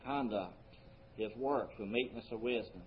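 A man preaching a sermon earnestly, his voice rising for emphasis and then dropping soft. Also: on the low side, unhurried, slight background noise. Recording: muffled lo-fi recording.

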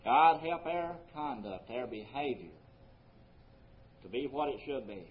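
Male preacher, mid-pitched, earnest sermon delivery with swelling emphasis; dull lo-fi recording. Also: expressive, measured pace. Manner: earnest preaching, rising emphasis then dropping soft. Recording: muffled lo-fi recording.

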